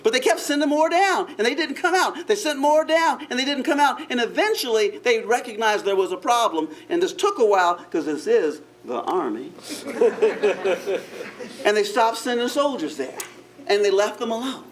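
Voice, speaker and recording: A park ranger with a high, expressive voice speaks at a normal pace, giving a living-history talk. He tells a first-person historical character story to a live audience, playing it theatrically and playfully with frequent chuckles and asides to the crowd.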